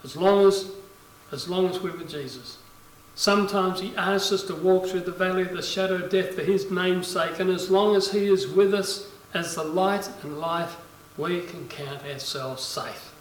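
A male pastor delivers a sermon in a high, bright voice, lifting it sharply when he acts out quoted lines. His voice carries through a roomy space and sounds set back from the microphone. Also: steady tone, normal speed. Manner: preaching with dramatic quoted lines, rising loud for emphasis. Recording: roomy echo, voice from a distance.

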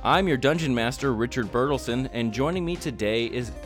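A man's voice: medium pitch, fairly quick, soft background music. A man hosting a tabletop game podcast as dungeon master, recapping the story in an upbeat way. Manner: upbeat recap, laughs with players.

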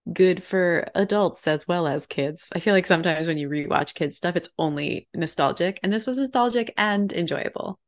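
A woman's voice: on the low side, normal speed, few pauses. A young woman co-hosting a podcast, chatting casually in an upbeat way with frequent laughs. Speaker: podcast co-host. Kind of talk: casual chat.

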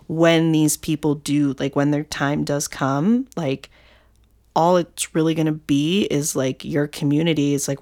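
A woman's voice: deep voice, darkish tone. A young adult woman co-hosting a podcast, talking candidly and emotionally in casual chat with lots of fillers. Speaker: podcast co-host.

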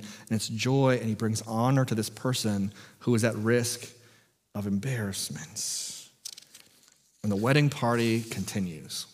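An American man preaches in a relaxed, conversational way, cracking small jokes and restarting phrases as he goes. His pitch sits in a middle range for a man. The sermon echoes with a long reverb through a church sanctuary. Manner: conversational, jokey, frequent restarts. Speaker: pastor.

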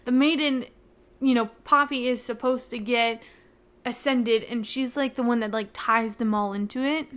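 A young woman casually recapping a book, talking excitedly and filling her sentences with "like" while she avoids spoilers. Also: fairly high pitch, normal speed. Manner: chatty, heavy use of "like" fillers. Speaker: book reviewer.

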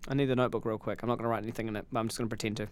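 A man's voice: lowish voice, level tone, rapid-fire, smooth, no echo. A young man, a podcast guest, chatting casually with rambling, joking storytelling into a studio mic.

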